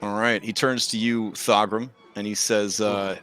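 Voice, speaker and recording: A man's voice: lowish voice, flat delivery, a little slow, fairly bright tone, clean tone, soft background music. A man narrating as game master of a tabletop game, chatty with many fillers.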